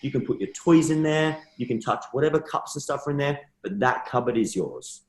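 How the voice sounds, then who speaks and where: A man's voice: medium pitch, brisk, roomy sound, rough recording. A young man, an interview guest, telling stories casually and acting out dialogue in shifting voices. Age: young adult. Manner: animated storyteller, acts out dialogue in shifting voices.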